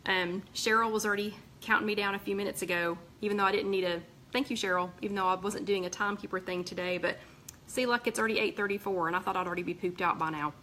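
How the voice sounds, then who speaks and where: A woman's voice: medium pitch, fairly even intonation, fast, slight background noise, low-quality recording. A woman with a Southern American accent hosting a casual live chat, talking in a chatty way with many ums and a slightly tired voice. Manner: chatty, warm asides, frequent ums and restarts. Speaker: host of a weight-loss group live chat. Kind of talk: casual live-stream chat reading viewer comments.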